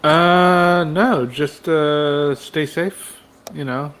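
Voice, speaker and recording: A male co-host chatting casually on a podcast. He speaks haltingly, leaning on fillers, over a faint background hum. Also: on the high side, fairly bright tone. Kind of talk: casual chat.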